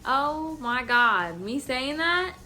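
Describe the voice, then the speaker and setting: A tipsy woman vlogger telling a story in a casual, animated way and swearing freely. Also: high-pitched, takes it slowly, faint music behind.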